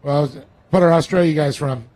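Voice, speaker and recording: A man hosts a live off-road racing event and interviews drivers one after another. His voice is high for a man, and he keeps the energy up the whole time. The interviews are recorded outdoors at the event. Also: moderate pace, low-quality recording. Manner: energetic and hyped, cheers drivers on.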